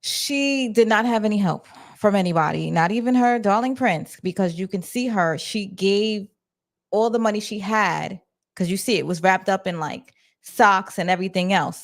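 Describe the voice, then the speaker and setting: A woman from New York with a New York accent, chatting casually on a livestream to her viewers from her office. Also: lowish voice. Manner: chatty, talks to her chat, restarts and fillers. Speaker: livestream host.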